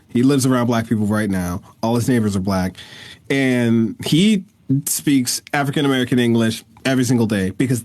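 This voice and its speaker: A man's voice: medium pitch, darkish tone, no room sound. A man hosting a podcast, chatting casually, restarting his sentences and often agreeing with "right" and "exactly.". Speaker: podcast host.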